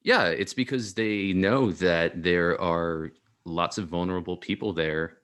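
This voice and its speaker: Very deep-voiced man host. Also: a bit bright. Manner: halting, searching for words. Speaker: podcast host. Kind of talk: casual chat.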